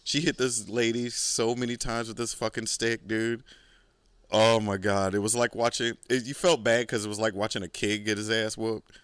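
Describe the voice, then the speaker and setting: Low, smooth man spinning profane stories. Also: level tone, normal speed, fairly bright tone, no room sound. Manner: rambling, profane, laid-back. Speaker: podcast host. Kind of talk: casual storytelling.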